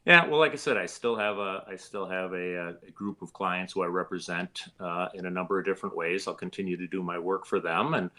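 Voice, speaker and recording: Low, bright-toned middle-aged man. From Wisconsin. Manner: relaxed, plainspoken, with filler pauses. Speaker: guest, former state attorney general. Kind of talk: casual interview answers.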